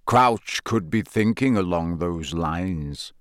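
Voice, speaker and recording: A man growling as Mad-Eye Moody, gruff old wizard. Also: on the high side, sing-song, a bit bright, dry recording, studio quality, heavily acted. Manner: growling, slow and deliberate. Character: gruff battle-scarred older male wizard, blunt and watchful.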